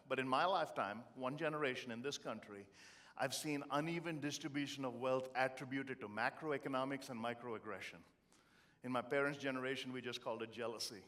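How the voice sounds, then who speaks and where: A middle-aged man from India giving a humorous motivational speech, with punchy storytelling that swings from loud to quiet. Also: medium pitch. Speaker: motivational speaker.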